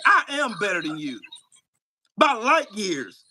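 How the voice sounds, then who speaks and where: A man's voice: high-pitched, very animated, slow, pushed and bright, a little hiss or hum. A man hosting a live stream, taunting and trash-talking in a profane rant from his home setup.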